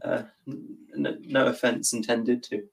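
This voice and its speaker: Man, British accent, gravelly, husky, dry and measured, casual guest. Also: mid-range voice, steady tone, rough recording. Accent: British English. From Britain. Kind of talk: casual reaction chat.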